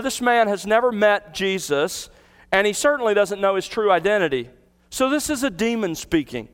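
High-voiced man preaching a sermon. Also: smooth. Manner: earnest teaching with rhetorical questions and vivid retelling. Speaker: pastor. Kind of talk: expository sermon.

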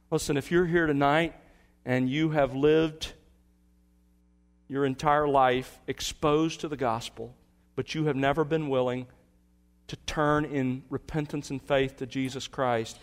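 Pastor guy preaching, kinda high voice, gets loud and fired up then goes quiet and pleading. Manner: emphatic preaching, rising to high impassioned peaks and dropping to soft earnest appeals. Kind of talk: sermon.

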